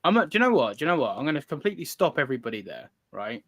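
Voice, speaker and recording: A man's voice: a little high, sing-song, rapid-fire, a bit bright, dry recording, studio quality. A man co-hosting a casual podcast chat, boastful and playfully indignant, swearing a lot. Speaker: podcast co-host.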